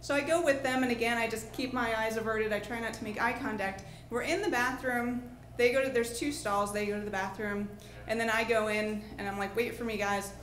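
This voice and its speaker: A woman in her thirties from New Jersey tells a personal story on a pub stage, chatty and full of fillers and restarts. Her voice sits a little high. The room is echoey, with faint noise behind her. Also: steady tone, a little fast, hardly any pauses, a bit bright. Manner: chatty, lots of fillers and restarts, laughing along. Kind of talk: improvised personal storytelling before a live audience.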